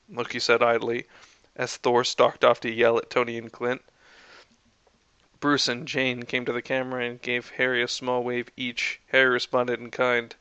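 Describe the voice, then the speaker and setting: Guy reading a fanfic story aloud, bright voice, dry close sound. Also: medium pitch, monotone, normal speed, smooth, dry recording, highs cut off. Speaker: fanfiction reader. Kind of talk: audiobook story narration.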